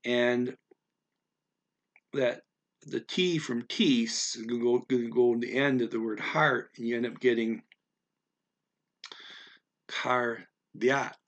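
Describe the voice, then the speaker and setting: A man explaining words of a story in an unscripted lesson, thinking aloud with many fillers and repeating words slowly to practice how they sound. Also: mid-range voice. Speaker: language learner explaining vocabulary.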